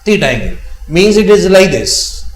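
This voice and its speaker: A man's voice: high-pitched, sing-song, normal speed, reverberant, faint music behind, rough recording. A man with an Indian English accent teaching chemistry in a classroom-style lecture, repeating key phrases as he explains.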